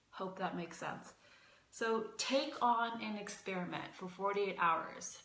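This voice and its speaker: A young adult woman coaches in a loose, emphatic livestream style, circling back to the same phrases again and again. She sounds a little out of breath at times. Her voice sits at an ordinary pitch and rings in a noticeably echoey room. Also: takes it slowly, fairly bright tone. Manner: casual and emphatic, repeats phrases, swears at times. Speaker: life coach and spiritual teacher. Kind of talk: casual livestream teaching.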